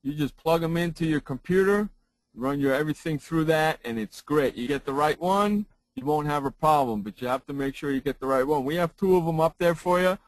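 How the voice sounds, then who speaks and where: Man, sports talk radio host, seminar talk, slightly high voice, emphatic, repeats himself, dry sound. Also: a little fast, no echo, poor audio. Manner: emphatic, repeats points for stress. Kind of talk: seminar presentation. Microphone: own broadcast microphone.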